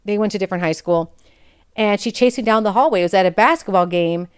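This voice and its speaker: Woman podcast host, candid chatty storyteller, smooth voice. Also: medium pitch, fast talker. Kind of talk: personal storytelling.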